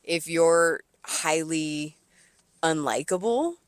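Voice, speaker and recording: Blunt, low-voiced woman podcast co-host. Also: expressive, slow, no room sound. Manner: blunt, profane, sarcastic storyteller. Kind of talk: casual chat.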